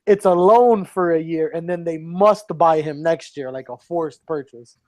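A man's voice: on the high side, unhurried, dry recording. Slangy man on a dry mic. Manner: laid-back, slangy, relaxed. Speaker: podcast co-host. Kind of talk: casual chat.

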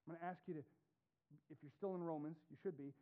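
A male pastor preaching a sermon, reading scripture aloud with deliberate weight as his voice rises and drops sharply for emphasis. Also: fairly high pitch, fairly even intonation. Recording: tinny, phone-like narrow sound.

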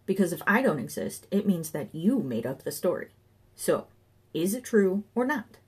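A woman's voice: fairly low pitch, very animated, moderate pace, a little mellow, slightly rough, heavily acted. A woman doing a sly, teasing imaginary friend. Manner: playful, needling, sly. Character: mischievous hairy imaginary male companion, teasing.

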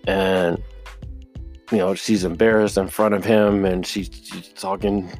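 Rambling podcast man, low voice. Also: flat delivery, a little slow, a little mellow, soft background music. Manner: rambling retelling, acts out quotes. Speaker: podcast host. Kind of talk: casual drama recap.

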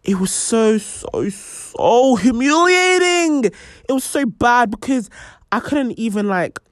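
Animated young woman telling a story. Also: on the high side, takes it slowly, dry recording, studio quality. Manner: animated, many fillers, acts out quoted voices. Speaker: podcast host. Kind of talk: personal storytelling.

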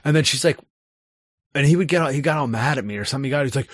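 A man's voice: mid-range voice, lively intonation, rapid-fire, fairly bright tone, dry recording, studio quality. A middle-aged man in casual chat, a parent telling a frustrated, wry story about helping his child with math.

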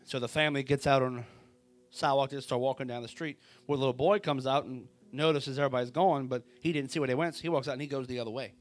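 A man preaching a sermon, telling a story with drama and swinging from a hushed voice to a shout. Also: medium pitch, fairly even intonation, fast talker, faint music behind. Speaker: pastor.

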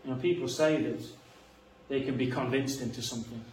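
A man preaching a sermon, earnest, moving between quiet reflective passages and rising emphasis. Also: medium pitch, a little fast, slight background noise. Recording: echoey room, voice a bit far from the mic.

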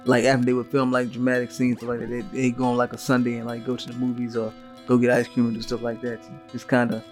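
A man's voice: medium pitch, monotone, quick pace, faint music behind. A man hosting a podcast in casual chat, rambling in an easygoing way. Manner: easygoing, rambling with fillers and restarts. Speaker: podcast host.

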